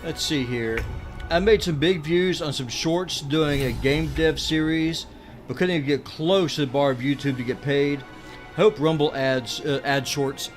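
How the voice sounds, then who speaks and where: A man's voice: on the high side, unhurried, soft background music. A middle-aged man, chatting bluntly and ramblingly while streaming a game from a desk mic. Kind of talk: casual live-stream chat while gaming.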